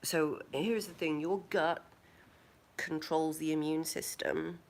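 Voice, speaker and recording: A woman hosting a live stream, chatting casually and recommending things to her viewers. Her voice sits a little low and carries a gravelly fry, and she talks at an unhurried, drawn-out pace, pausing often on fillers. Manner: relaxed, recommending, storytelling.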